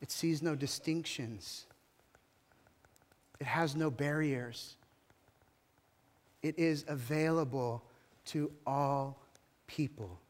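A man's voice: fairly high pitch, slow, long pauses, big-room sound. A male pastor preaching a sermon in a church, telling the story emphatically with dramatic rises and falls. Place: church hall.

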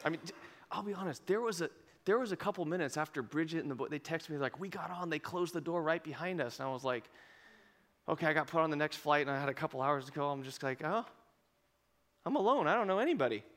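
A man preaching a sermon as pastor, telling a story with lively acted-out dialogue and bursts of laughter. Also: a little high, fast. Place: church auditorium. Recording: long reverb of a large hall.

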